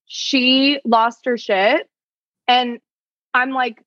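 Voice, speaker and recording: A woman's voice: high voice, moderate pace, no echo. A young adult woman talks through a story in casual podcast chat, slipping into quoted voices and stacking "like" between phrases. Her mid-range voice sits close on a dry mic that sounds a touch dull. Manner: animated storytelling, heavy use of "like", quoting people. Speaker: attorney and content creator, guest.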